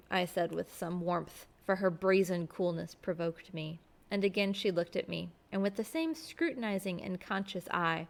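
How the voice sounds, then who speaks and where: A woman storyteller reading a classic novel aloud in a steady, expressive way. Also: lowish voice, moderate pace.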